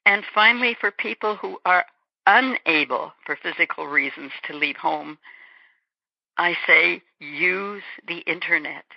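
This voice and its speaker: A woman's voice: fairly low pitch, measured pace, creaky, no echo. Woman in her 80s, from Germany, reflective and earnest, dry muffled radio sound. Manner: reflective, earnest, acts out small quoted remarks. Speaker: guest author. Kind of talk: interview conversation. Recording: dull lo-fi radio recording.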